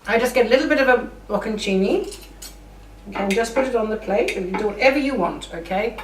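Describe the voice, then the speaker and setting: A woman's voice: on the high side, animated, fast talker. A woman hosting a cooking show, chatting enthusiastically as she talks through each step in her home kitchen. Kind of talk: casual cooking demonstration. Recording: roomy kitchen, mic at a distance.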